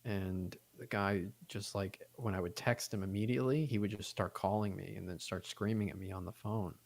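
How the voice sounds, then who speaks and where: A man's voice: on the low side, moderate pace, creaky. A young adult man casually telling a long, profane story on a podcast, acting out the people he quotes. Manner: rambling, profane, animated retelling with quoted voices. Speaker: podcast co-host.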